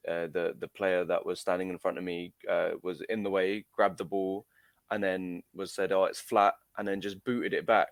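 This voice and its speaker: In a clean, low voice with no room sound, a young amateur footballer tells a story during an interview. His casual recounting is hesitant and full of fillers and restarts.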